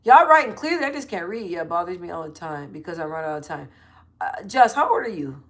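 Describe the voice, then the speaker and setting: A woman in her thirties talks casually into her phone on a livestream, loose and slangy, tossing quick asides to her viewers. Her voice sits a little on the low side. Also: big pitch swings. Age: 30s. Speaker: livestream host. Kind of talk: casual livestream chat reading comments.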